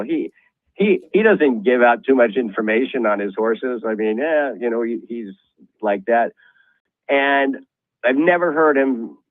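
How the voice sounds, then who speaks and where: A middle-aged man telling a horse racing office story on a call-in show, halting and rambling with many restarts. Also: medium pitch, no room sound. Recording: tinny phone line.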